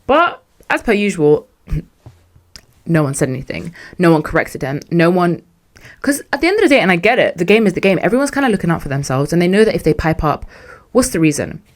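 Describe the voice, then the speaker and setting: A young woman hosting a podcast, telling a story in a casual, animated and sarcastic way, full of slang. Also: lowish voice, brisk. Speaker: podcast host.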